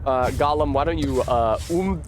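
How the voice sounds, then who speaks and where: A man's voice: medium pitch, normal speed. A man giving live, joking, profane commentary while streaming a game. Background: game music.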